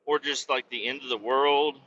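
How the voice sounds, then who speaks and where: A man's voice: medium pitch, fairly even intonation, moderate pace, pushed and bright, dull audio, a little hiss or hum. A man hosting a podcast from his truck cab, rambling and joking with lots of swearing in a casual monologue. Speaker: podcast host. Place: truck cab while driving.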